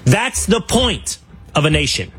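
A man hosting a political interview, telling stories in an animated, opinionated way. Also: fairly high pitch, a little slow, a little hiss or hum. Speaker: show host.

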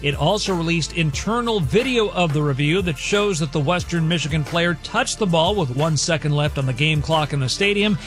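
A man reading a radio sports news update in a brisk, factual way. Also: on the high side, fairly bright tone, soft background music.

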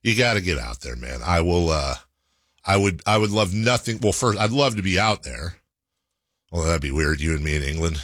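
American male radio host, low husky voice, very lively intonation, joking and casual. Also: normal speed, no room sound, studio quality. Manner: chatty, jokey, self-deprecating. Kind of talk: casual chat.

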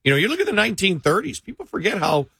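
A man's voice: sits high, huge pitch swings, very fast, vocal fry, bright, forceful tone, breathy edge, no room sound, studio quality. A man hosting a casual political talk show, conversational and sometimes sarcastic, often correcting himself mid-sentence.

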